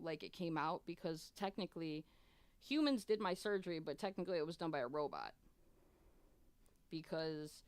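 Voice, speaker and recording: A woman's voice: deep voice, smooth, no room sound. A young adult woman streamer telling a long personal story in casual, profane, rambling chat with many restarts.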